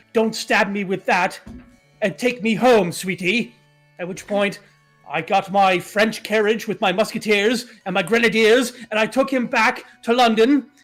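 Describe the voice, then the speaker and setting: A man's voice: high voice, a bit bright. A man playing a bawdy, pompous naval lord with theatrical, archaic phrasing in an improvised tall tale.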